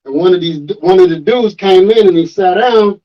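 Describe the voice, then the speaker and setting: A man with a fairly high voice tells a story in casual, profane chat, acting out the voices of the people in it. The sound is dull and lo-fi. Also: moderate pace. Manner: animated, profane, acts out quoted voices. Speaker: rapper guest.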